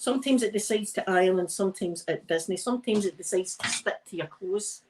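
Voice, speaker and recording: A woman's voice: mid-range voice, brisk, a little mellow, slight background noise, rough recording. A Scottish woman chatting on a live stream while she irons, telling rambling stories and laughing often. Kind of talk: casual chat while ironing.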